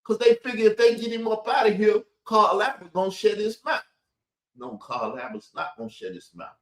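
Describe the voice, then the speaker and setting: A man's voice: high-pitched, animated, moderate pace, echoey room, rough recording. A man hosting a rambling commentary video, talking in a combative, colloquial and repetitive way. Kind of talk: rambling commentary on played clips.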